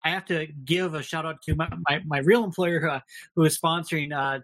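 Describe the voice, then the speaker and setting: A man's voice: a little high, steady tone, a little fast, a bit bright. Rambling Minnesotan podcast guy. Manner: rambling, self-deprecating, many fillers. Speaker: podcast co-host. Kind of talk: casual podcast chat.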